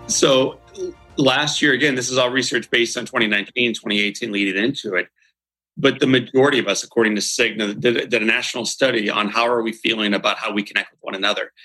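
A man's voice: medium pitch, steady tone, quick pace, bright, forceful tone, faint music behind, low-quality recording. A man, a guest on a podcast, giving motivational interview talk in an earnest, emphatic, almost preacher-like way.

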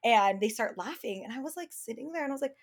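Young woman telling a story, animated. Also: on the high side, fast talker. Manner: animated storyteller, acts out quoted voices, many "like" fillers. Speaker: podcast co-host, speech therapist. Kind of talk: casual storytelling chat.

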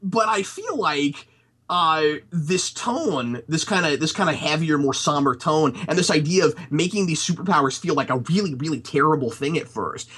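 A man's voice: on the high side, expressive, moderate pace, fairly bright tone, breathy edge. A man in a casual podcast chat, giving a rambling critique of a movie with lots of restarts. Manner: rambling, many restarts and fillers.

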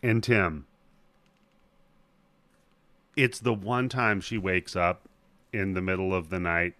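A man's voice: low-pitched, measured pace, no echo. Guy recapping a movie on a podcast, acts out all the lines, swears a ton, dry close sound. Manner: animated retelling, acting out characters' lines with profanity. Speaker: podcast host.

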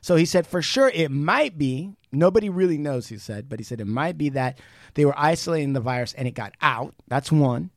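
A man co-hosting a podcast, retelling a conversation in casual, animated chat, swearing freely and restarting sentences. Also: on the high side, fairly quick, dry recording, studio quality. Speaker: podcast co-host.

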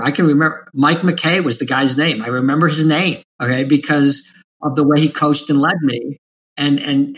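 A man's voice: medium pitch, rough recording. A man hosting a business coaching talk, telling stories and acting out the dialogue in them. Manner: animated storyteller, acts out dialogue and calls. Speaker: business coach and podcast host. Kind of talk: casual storytelling interview.

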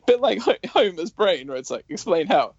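Man, gravelly higher voice, laughing storyteller on a dull dry remote line. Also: no room sound. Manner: laughing storyteller, quick banter. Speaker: podcast co-host. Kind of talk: casual chat.

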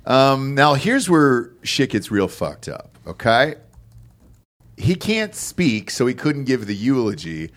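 A man's voice: medium pitch, slow pace. A man hosting a podcast, joking crudely and swearing through casual banter with his co-hosts. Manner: loud, swearing, laughing, lively. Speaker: podcast host.

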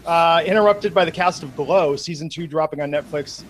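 A man's voice: fairly high pitch, moderate pace, slight background noise. A man hosting a casual wrestling chat, conversational and steering the topics. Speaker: wrestling podcast host.

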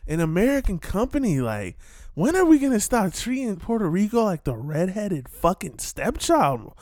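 A man's voice: sits high, sing-song, moderate pace, darkish tone, no room sound, clean studio sound. A man giving a casual, ranting monologue full of repeated rhetorical questions and streetwise slang.

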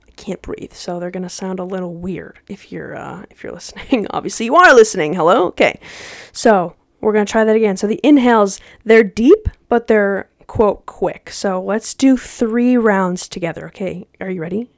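A woman's voice: mid-range voice, expressive, moderate pace, no echo, studio quality. A young adult woman hosting a casual solo podcast, chatty and slangy with laughs. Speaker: podcast host.

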